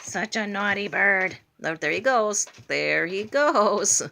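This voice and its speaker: A woman's voice: medium pitch, animated, slow pace, gravelly, sharp tone. A woman filming at home, talking to her pet bird in a sing-song baby-talk voice and playfully scolding it.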